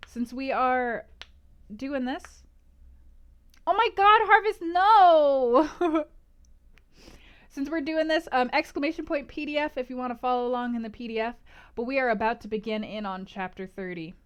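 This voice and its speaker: A chatty, giggly woman reads a novel aloud to her stream and banters with viewers between passages. Her voice sits a touch high and sounds smooth and clear. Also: brisk. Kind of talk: casual stream chat and read-aloud narration.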